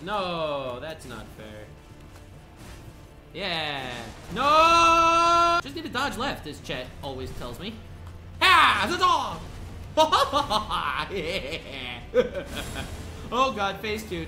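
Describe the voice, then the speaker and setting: A man's voice: a little high, big pitch swings, extremely slow, pauses often, music in the background. A young man commenting on his own gameplay, taunting the boss and venting to his chat between frustrated outbursts. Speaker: gaming video creator.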